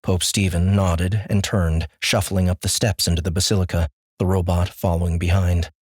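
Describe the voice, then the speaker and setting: A man narrating an audiobook in a measured, clear voice. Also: low voice, level tone, a little mellow, no room sound, studio quality. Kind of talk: scripted narration.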